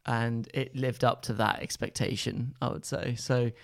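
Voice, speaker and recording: A man's voice: medium pitch, fairly even intonation, unhurried, creaky. A man, co-hosting a casual podcast chat, laughing easily and mimicking characters. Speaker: podcast co-host.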